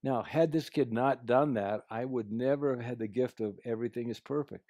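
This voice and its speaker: A man's voice: mid-range voice, moderate pace, no echo. Earnest man telling a story, dry sound. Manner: earnest storyteller, drops to a quiet voice for quotes. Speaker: speaker sharing life lessons. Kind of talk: anecdotal talk to camera.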